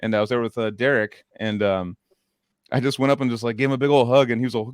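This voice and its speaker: A man's voice: mid-range voice, quick pace, clean tone, no room sound, studio quality. A man hosting a podcast, telling rambling stories in casual chat with lots of cursing and fillers. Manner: rambling storytelling, heavy cursing, many fillers. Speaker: podcast host.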